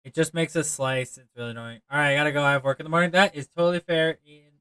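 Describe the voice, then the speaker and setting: Bright, excitable male streamer. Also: fairly high pitch, fast talker, clean tone, no room sound, low-quality recording. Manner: excitable, rambling, talks to chat, swears. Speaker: game streamer. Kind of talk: casual live-stream chat with viewers.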